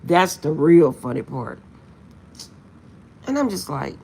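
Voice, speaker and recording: A woman's voice: low-pitched, very animated, slow, creaky, a little mellow, a little hiss or hum. A woman vlogger chatting casually to her viewers, telling a funny story with lots of laughter and insisting she is serious.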